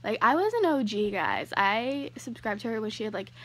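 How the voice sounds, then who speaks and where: A woman's voice: fairly high pitch, very animated, normal speed, a bit bright. A young woman YouTuber gushing to her viewers in a casual vlog, with lots of fillers.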